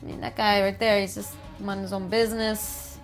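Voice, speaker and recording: A woman's voice: medium pitch, little pitch movement, a little fast, soft background music. A woman with a New Jersey accent, casually riffing and joking as she reads about game art. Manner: chatty, jokey, reads aloud and riffs. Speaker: host.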